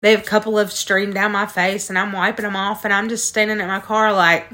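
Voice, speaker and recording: A woman's voice: mid-range voice, little pitch movement, brisk, pushed and bright. Earnest woman telling a story. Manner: earnest, heartfelt, talks straight to listeners. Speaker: podcast co-host. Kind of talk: personal storytelling in casual chat.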